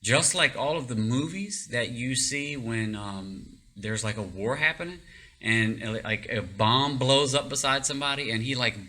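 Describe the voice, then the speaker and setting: A man telling a personal story in a casual, animated way, rambling, restarting often and breaking into laughs. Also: mid-range voice, normal speed. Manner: rambling with many fillers and restarts.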